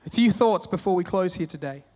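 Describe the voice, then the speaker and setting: A man with an Australian accent preaching a sermon, telling stories with humor and animated retellings. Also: high voice, fairly quick, big-room sound. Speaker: pastor.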